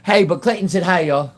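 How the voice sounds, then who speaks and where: Speaking off the cuff through his phone, this YouTuber chats loosely with his livestream audience, his talk wandering and stopping, many phrases unfinished, broken up by frequent laughter. He has a typical male pitch and a somewhat dark tone.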